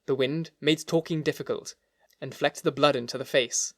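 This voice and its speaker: A man reading a classic novel aloud as an audiobook narrator, with measured, expressive storytelling. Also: a little high, no room sound, clean studio sound. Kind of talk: scripted narration.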